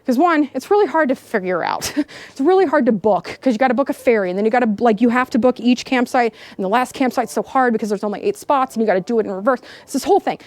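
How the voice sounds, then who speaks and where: Woman, 30s, high voice, dry sound, keynote storytelling, animated, laughs a lot. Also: fast, no echo. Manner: animated, laughing, acts out dialogue. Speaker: keynote speaker. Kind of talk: storytelling speech. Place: outdoor camp gathering.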